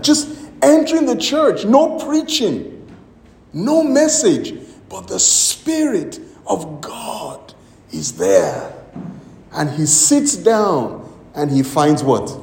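A man preaching a sermon in a high, lively voice that rises and falls with every phrase. He takes his time, drawing out each line and acting out the people in his stories. The room around him rings with echo. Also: slow, slight background noise. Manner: storytelling with acted-out quotes, emphatic preaching. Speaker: pastor.

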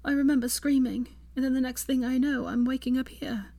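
Woman doing a tender young woman, high, soft, earnest, storybook reading. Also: fairly even intonation, fairly quick, dry recording.

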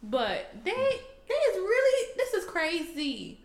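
Animated high-voiced woman telling a story. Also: slow, roomy sound. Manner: animated, profane, acts out people in her stories. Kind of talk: casual chat, storytelling.

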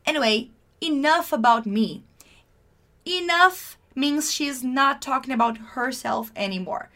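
A woman's voice: high-pitched, a little slow, a bit bright. A woman teaching English, explaining a class dialogue patiently and repeating key phrases for learners.

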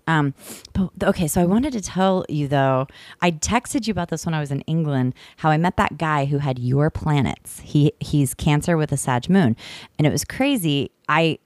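A woman with a low voice tells a long story to her co-host. She rambles and restarts, piling up fillers as she goes, and she is recorded close and dry. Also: a little mellow, dry recording. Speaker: podcast host. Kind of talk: casual chat. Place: in the UK, visiting family.

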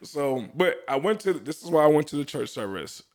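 A young man with a brisk, sing-song voice on the high side shares his testimony in casual conversation. He's earnest as he tells it, laughs frequently, and restarts his sentences.

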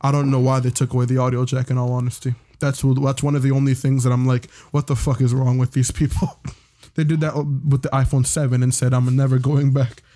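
A man's voice: mid-range voice, little pitch movement, brisk, dark tone. A young man co-hosting a podcast, talking casually, often restarting his sentences and swearing freely. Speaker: podcast co-host. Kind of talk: casual chat.

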